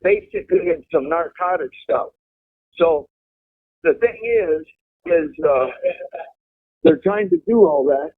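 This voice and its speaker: Male guest, slightly high and raspy, swears freely and rambles, heard over a phone line. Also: animated, takes it slowly, pauses often. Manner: profane, rambling. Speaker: guest telling prison stories. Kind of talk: casual storytelling.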